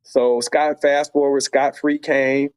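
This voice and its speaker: A middle-aged man from Chicago telling a story as a podcast guest, animated and acting out voices. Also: mid-range voice, takes it slowly, clear, resonant tone, no echo. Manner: animated, acts out quoted voices.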